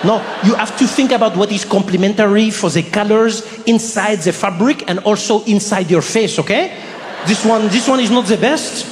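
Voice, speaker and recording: A man's voice: sits high, moderate pace, pitched above the performer's own voice, close to an everyday voice. A man voicing a blunt, fussy male shop clerk. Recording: live hall with audience noise.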